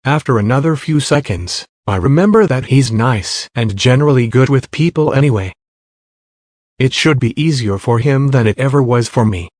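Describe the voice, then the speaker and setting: A man narrating fan fiction aloud in a steady first-person storytelling voice. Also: mid-range voice, normal speed, no room sound, clean studio sound.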